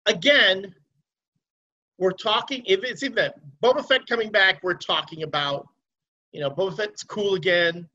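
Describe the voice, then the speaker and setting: A man's voice: high-pitched, normal speed, sharp tone. A man co-hosting a casual chat, rambling and swearing freely. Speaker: podcast co-host. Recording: dull lo-fi sound.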